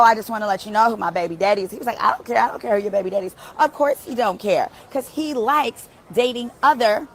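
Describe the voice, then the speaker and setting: A woman giving casual live commentary from outside a trial, indignant, emphatic and profane. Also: a little high.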